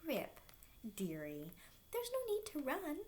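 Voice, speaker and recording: A woman's voice: high voice, huge pitch swings, slow pace, darkish tone, slight background noise, pitched above the performer's own voice, heavily acted. A woman voicing a sly female goop monster that shapeshifts, talking in a sugary, mocking way, for a read-aloud storybook.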